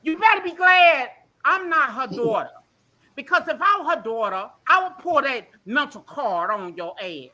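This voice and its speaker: An emotional woman calls in to a live show and vents in a blunt, profane, rambling way. Her voice is bright and a little high. She swings between heated outbursts and quieter, shaken moments. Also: sing-song, moderate pace. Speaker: caller on a livestream. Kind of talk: emotional call-in rant.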